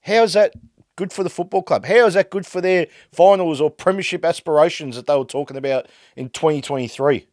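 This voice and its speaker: An Australian man hosting a podcast, delivering an exasperated fan rant that swings between loud outbursts and muttered frustration. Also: on the high side, fairly even intonation, fairly quick, few pauses, no room sound, clean studio sound. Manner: fired-up, exasperated ranting that swings loud and quiet. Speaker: podcast host. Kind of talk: ranting fan commentary.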